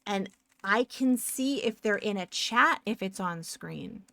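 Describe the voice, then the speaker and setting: A chatty woman live-streaming as she draws, her talk loose and rambling as she drifts onto tangents and replies to viewers. Her voice sits at an ordinary middle pitch. It is recorded dry and close, with no room sound. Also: lively intonation, slow pace, vocal fry, sharp tone, no room sound. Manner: chatty and rambling, goes off on tangents and reads chat aloud. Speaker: live-streaming pixel artist. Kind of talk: casual live-stream chat while drawing.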